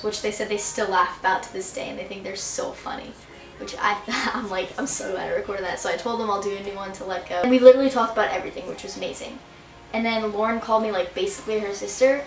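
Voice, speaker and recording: A teenage girl from the New area tells an excited, gushing story of meeting a singer, full of "like" and quick asides. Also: mid-range voice, recorded from a distance. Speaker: vlogger. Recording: roomy and a bit off-mic.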